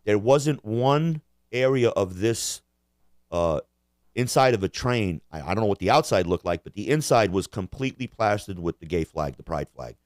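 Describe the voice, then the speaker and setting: A man with a somewhat low voice rambles through a profane, jokey rant, trading banter with a co-host. The sound is dry and close, with no room behind it. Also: lively intonation, normal speed, dry recording. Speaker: podcast co-host. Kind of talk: crude casual rant.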